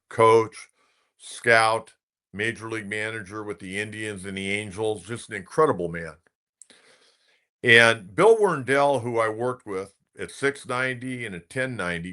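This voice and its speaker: A middle-aged man with a bright, forward voice, talking like a seasoned sports radio host. He wanders through an anecdote in casual commentary, doubling back and restarting phrases as the memories come. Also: lowish voice.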